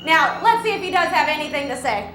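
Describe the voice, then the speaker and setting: Woman wildlife educator, high voice, upbeat, quizzing kids, roomy echo. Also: very animated, fast, very noisy. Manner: upbeat, asks the audience questions, laughs often. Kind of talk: live animal presentation to an audience of children.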